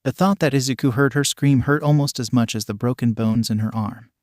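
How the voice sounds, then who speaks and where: A man's voice: mid-range voice, fairly quick, darkish tone, dry recording. Man narrating a story, dry sound. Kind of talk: fan fiction story narration.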